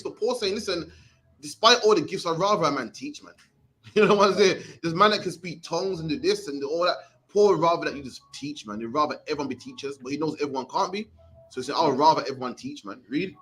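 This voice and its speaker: Man, Birmingham accent, young adult, rapid speech, slightly high voice, streetwise scripture teacher. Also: fairly bright tone, a little hiss or hum. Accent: Birmingham English. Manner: fast, streetwise, ends phrases with "man". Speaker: religious class teacher. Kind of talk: scripture breakdown class.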